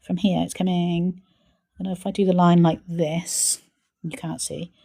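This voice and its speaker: A woman's voice: lowish voice, little pitch movement, normal speed, gravelly, warm tone. Chatty woman painting live. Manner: chatty, talks to herself while painting, playful. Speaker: art channel host.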